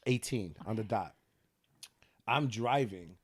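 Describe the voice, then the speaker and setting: A young man, telling a story as a podcast guest in an animated, laughing, profane way. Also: fairly low pitch, slow pace, breathy edge. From New York City. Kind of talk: casual storytelling.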